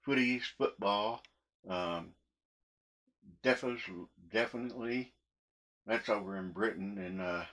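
A man's voice: fairly low pitch, measured pace, long pauses, fairly bright tone. A man telling meandering stories while he cooks in his kitchen, chuckling often between sentences. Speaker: cooking vlogger. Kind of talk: rambling story told while cooking.

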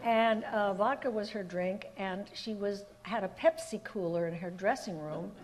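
An older woman from Puerto Rico, a guest telling lively stories in an interview and laughing often. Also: medium pitch, a little slow, slight background noise. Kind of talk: anecdotal storytelling in an interview.

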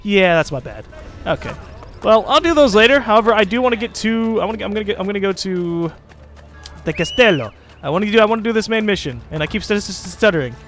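A man's voice: high voice, expressive, fast talker, a bit bright, soft background music. A man giving casual commentary as he plays a video game, rambling, joking and swearing often. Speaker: let's play host.

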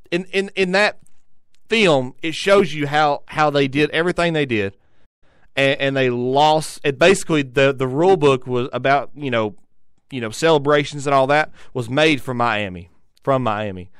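A man's voice: mid-range voice, fairly bright tone, clear, resonant tone, no echo, studio quality. A young adult man, hosting a solo sports talk show, rambling with frequent restarts and repeated words. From Tennessee. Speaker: sports radio host.

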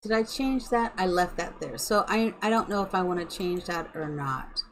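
A middle-aged woman chatting slowly while streaming a building game at home, talking sweetly to her cat. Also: fairly low pitch, a little hiss or hum, poor audio. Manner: slow and chatty, cooing baby talk to her cat. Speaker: live streamer. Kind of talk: casual game-stream chat.

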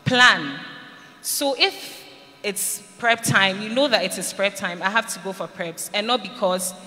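A woman's voice: medium pitch, moderate pace, sharp tone. Woman telling her story in a hall. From Ghana. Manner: earnest storytelling, acts out quoted lines. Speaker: speaker giving a testimony. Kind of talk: personal testimony to students. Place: large hall at a school event. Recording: reverberant hall, faint noise.

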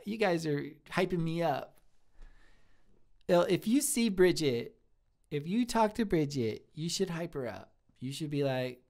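A man's voice: fairly high pitch, vocal fry. A man playing a sweet, shy male restaurant cook in his thirties, who talks in an earnest, rambling way in improvised live-stream comedy. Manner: earnest, easily flattered, rambling.

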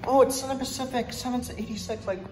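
A young woman vlogging in an indoor museum on a handheld phone, rambling and enthusiastic with many fillers, now and then dropping to a hush. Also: a little high, fairly even intonation, fast talker. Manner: drops to a hush at times. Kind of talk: excited vlog commentary.

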